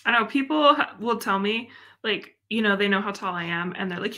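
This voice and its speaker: A woman's voice: medium pitch, lively intonation, fairly quick, pushed and bright. A young woman hosting a live stream, chatting casually and expressively with frequent laughs. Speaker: livestream host.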